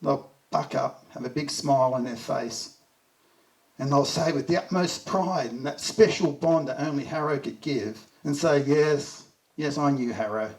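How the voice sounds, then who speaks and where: A middle-aged Australian man with a fairly high voice speaks at normal speed, telling fond, heartfelt stories at a memorial gathering and chuckling as he goes. The mic sits some distance from him.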